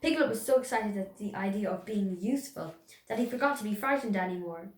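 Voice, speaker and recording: A young girl reading a children's story aloud, voicing the animals and stumbling over a few words. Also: medium pitch. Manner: reads slowly, voices characters, small stumbles and restarts. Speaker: reader. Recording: echoey room.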